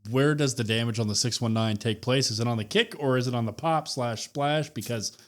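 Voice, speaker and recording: A man co-hosting a podcast, giving his opinions in a relaxed, casual way. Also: mid-range voice, fairly quick. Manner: relaxed, thinks aloud with fillers. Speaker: podcast co-host. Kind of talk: casual wrestling review chat.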